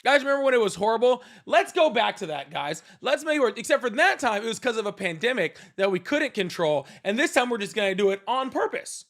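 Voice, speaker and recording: A man's voice: extremely high pitch, very animated, a little fast, hardly any pauses, fairly bright tone. A man hosting a live call-in debate stream, ranting casually in a sarcastic, mocking way and swearing freely. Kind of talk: casual livestream rant.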